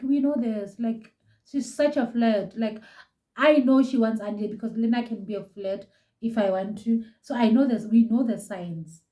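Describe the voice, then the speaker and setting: Sitting back from the mic in a room at home, a young South African woman reviews a reality show in a gushing, casual way, code-switching as she chats. Her voice is on the high side and warm in tone, with a roomy echo around it.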